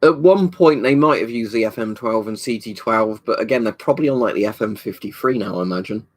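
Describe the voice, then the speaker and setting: An easygoing man, talking casually on a home livestream. He rambles from one viewer comment to the next, reading each one out and answering it in an unhurried way. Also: on the low side. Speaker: livestream host. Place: indoor storage room at home.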